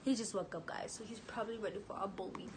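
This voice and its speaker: A woman's voice: medium pitch, steady tone, fast talker, background noise. A young woman telling her birth story in a candid, chatty vlog, now and then cooing at her baby. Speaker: vlogger, new mother.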